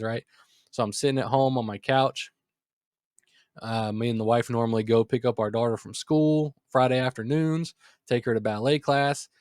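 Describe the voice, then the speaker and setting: A man's voice: medium pitch, no room sound. Podcast co-host, male, thirties, irritated storyteller, dry close-mic sound. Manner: exasperated, animated storytelling. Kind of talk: casual ranting story.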